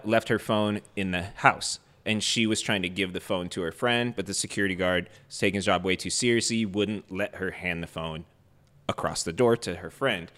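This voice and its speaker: Young male co-host, casual storyteller, lively, voices the other people in the story. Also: lowish voice. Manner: animated, acts out quotes loudly.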